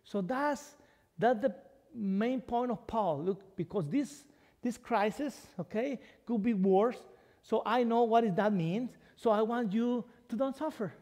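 A man preaching a sermon to his congregation, halting and repeating words, checking in often with "okay?". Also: extremely high pitch, a little mellow. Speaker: pastor. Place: church sanctuary. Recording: long church hall reverb.

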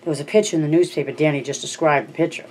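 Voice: medium pitch, rapid-fire, darkish tone, a little hiss or hum, close to an everyday voice, low-quality recording. An audiobook narrator voicing a tense, guarded father who answers in curt, clipped phrases.

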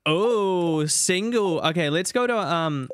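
A man streaming a game, rambling in animated casual commentary and talking to his chat. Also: sits high, takes it slowly, clear, resonant tone.

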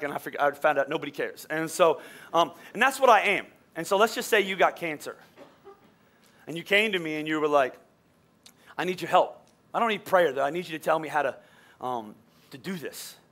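A pastor preaching a sermon, swinging between loud, fervent preaching and quiet, joking asides, often repeating words as he goes. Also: on the high side. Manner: repeats words, stumbles and restarts.

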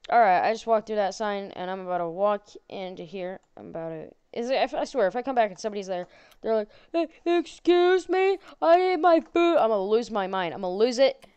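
Woman gamer with a smooth, clear voice, playing a spooky burger game, sarcastic, jokes at the characters. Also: medium pitch, fast talker, a little mellow, dry recording, lo-fi sound. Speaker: gaming channel host. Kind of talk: horror game let's play commentary.

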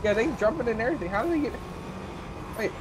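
An excitable man teases his friends as they play a game online. His pitch leaps around constantly. Noisy game audio sits clearly under his voice. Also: fast talker. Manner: excitable, teasing. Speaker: gamer. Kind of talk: casual gaming chat.

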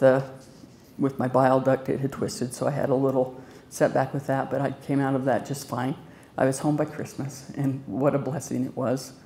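A woman's voice: rumbling low, warm tone, a little hiss or hum. A woman who received an organ transplant tells her story to a live audience in an earnest, conversational, grateful way. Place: festival stage before an audience.

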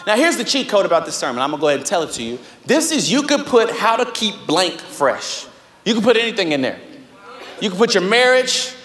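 Young guy preaching, high voice, goes from loud to soft and hushed, big echoey church hall. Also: sing-song, brisk. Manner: swings from loud exhortation to hushed, soft storytelling. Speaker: pastor. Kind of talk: sermon. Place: large church auditorium. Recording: live sermon with echoey hall.

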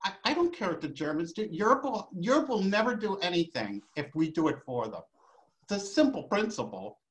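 A man's voice: high voice, sing-song, brisk, poor audio. A man with a New York accent, debating on an academic panel, combative and emphatic, firing off rhetorical questions.

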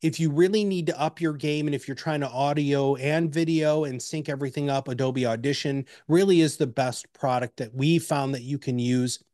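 A man presenting an instructional webinar, energetic and chatty, with personal anecdotes and emphatic repeated pleas. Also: a little high, moderate pace, hardly any pauses, dry recording, clean studio sound.

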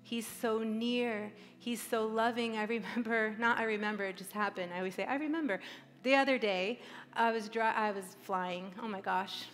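A woman's voice: mid-range voice, fairly bright tone. A woman in her forties preaching a heartfelt, tearful sermon in a large church hall. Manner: emotional, tearful, earnest preaching. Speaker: pastor. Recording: live church hall reverb.

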